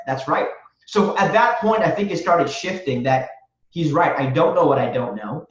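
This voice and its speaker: A man's voice: on the high side, echoey room, recorded from a distance, highs cut off. A man guest on a podcast, answering in an earnest, motivational way and repeating phrases for emphasis. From Romania. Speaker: guest, real estate wholesaler.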